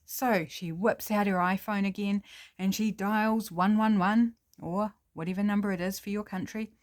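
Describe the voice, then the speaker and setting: A woman's voice: mid-range voice, fairly even intonation, moderate pace. A woman with a New Zealand accent casually improvising a story, chatty with fillers and self-corrections.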